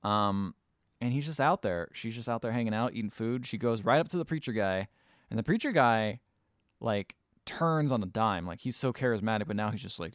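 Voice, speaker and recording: A man's voice: fairly low pitch, expressive, brisk, dry recording, clean studio sound. A man hosting a podcast, casually retelling a film scene by scene with loose, swearing chatter. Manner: rambling, casual swearing, acts out quotes loosely. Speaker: podcast host. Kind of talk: casual film recap chat.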